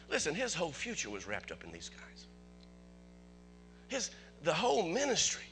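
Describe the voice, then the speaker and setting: A man preaching a sermon as pastor, animated, asking the congregation questions and chuckling often. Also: high voice.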